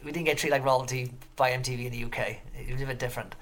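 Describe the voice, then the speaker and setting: A man telling stories as an interview guest, rambling and excitable, swearing constantly. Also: medium pitch, racing. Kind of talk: casual storytelling interview.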